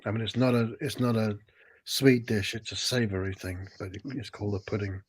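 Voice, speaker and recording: An English man, a guest in casual stream chat. He speaks in a hesitant, dry way and trails off quietly. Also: fairly low pitch, steady tone, fairly quick, husky.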